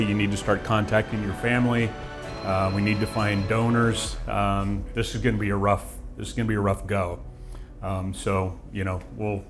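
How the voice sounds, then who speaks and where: A man in his forties giving an earnest, reflective personal testimony, with frequent restarts. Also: lowish voice. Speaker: guest telling his story.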